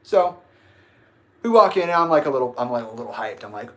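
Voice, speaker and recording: A man's voice: mid-range voice, sing-song, brisk, pauses often. Profane, ranting man on a livestream. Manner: profane and emphatic, with sudden bursts of shouting. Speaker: livestream host. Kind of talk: casual livestream rant.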